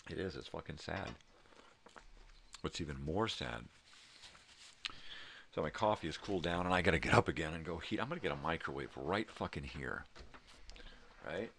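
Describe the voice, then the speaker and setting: A man's voice: a bass voice, lively intonation, moderate pace, gravelly, long pauses, a bit bright, a little hiss or hum. An older man talking in a rambling, profane monologue, emphatic and heartfelt, with many "you know"s. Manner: emotional, heartfelt. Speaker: vlogger. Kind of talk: casual monologue.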